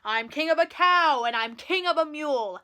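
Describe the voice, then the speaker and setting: A woman's voice: extremely high pitch, takes it slowly, sharp tone, heavily acted. A woman voicing a pompous, boastful male turtle king who bellows his commands. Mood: commanding.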